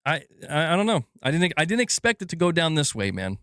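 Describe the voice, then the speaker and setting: A man's voice: fairly high pitch, big pitch swings, fairly quick, fairly bright tone, dry recording, studio quality. A man in his thirties hosting a gaming channel, ranting casually with frustration, swearing and stumbling over restarts. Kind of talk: casual livestream rant.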